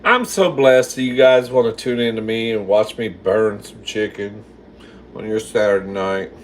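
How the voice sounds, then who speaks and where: Cooking in his kitchen at home, this livestream host speaks at normal speed in a fairly low-pitched voice over slight background noise. His replies to viewers are sassy and profane, and he addresses them all as "girl."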